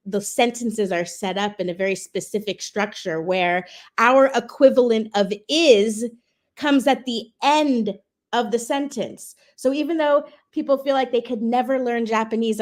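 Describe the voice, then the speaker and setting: Chatty, animated woman guest. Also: on the high side. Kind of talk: casual interview chat.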